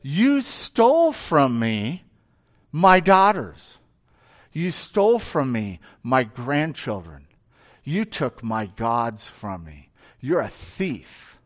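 A man's voice: mid-range voice, big pitch swings, slow pace, pitched below the performer's own voice. A man preaching, voicing an indignant, threatening older male patriarch in an accusing tone.

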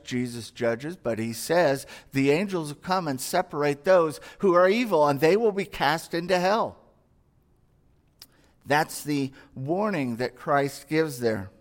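Male pastor, high voice, unhurried earnest sermon delivery with rhetorical questions. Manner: earnest, conversational, acts out everyday dialogue and asks rhetorical questions.

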